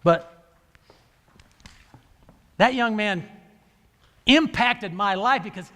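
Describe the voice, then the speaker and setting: Coach guy telling a story, high lively voice, bright, echoey hall. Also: slow pace, pauses often. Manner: animated, acts out quoted dialogue. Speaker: wrestling coach and speaker. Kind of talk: storytelling speech to an audience. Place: large hall. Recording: reverberant hall.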